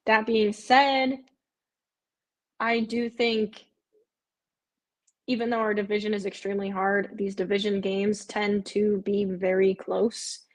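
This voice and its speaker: Chatty woman streamer answering viewers. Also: fairly high pitch. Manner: frequent "um" fillers and repeats herself. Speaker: live stream host. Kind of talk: casual live watch-along chat.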